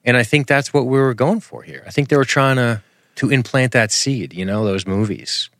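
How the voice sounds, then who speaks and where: A man's voice: medium pitch, normal speed, a bit bright, no echo, studio quality. A man co-hosting a podcast, riffing on a film in casual, profane banter. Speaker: podcast co-host. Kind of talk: casual film-review chat.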